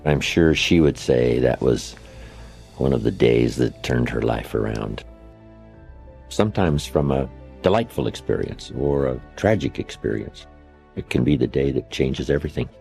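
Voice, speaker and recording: A man's voice: rumbling low, expressive, normal speed, gravelly, darkish tone, faint music behind. An older man giving a motivational speech, telling stories in a conversational, anecdotal way with tag questions. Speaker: motivational speaker. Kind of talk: storytelling speech. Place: lecture setting, played from an archive recording.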